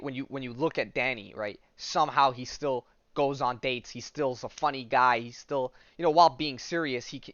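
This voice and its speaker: A man's voice: medium pitch, fairly bright tone, clear, resonant tone, no echo, muffled recording. A man hosting a podcast in a rambling, casual way, full of restarts and fillers, who reads a comic aloud. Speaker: podcast host.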